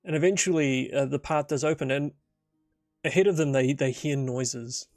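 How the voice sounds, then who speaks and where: A man's voice: mid-range voice, normal speed, darkish tone, no echo, clean studio sound, soft background music. A man narrating and thinking aloud through a solo tabletop game in a casual, rambling way full of fillers.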